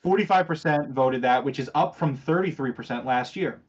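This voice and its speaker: A man with a medium-pitched, slightly breathy voice hosts a casual gaming podcast, speaking a little fast over dull-sounding audio. He reads news items aloud and asks his co-hosts questions, chatty and sarcastic as he leads the discussion.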